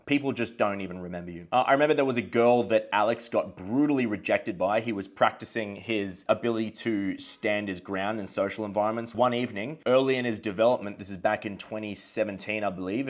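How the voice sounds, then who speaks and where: A young man, a dating coach telling stories in a casual, slangy monologue with plenty of swearing. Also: fairly low pitch. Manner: animated, swearing, slangy storyteller.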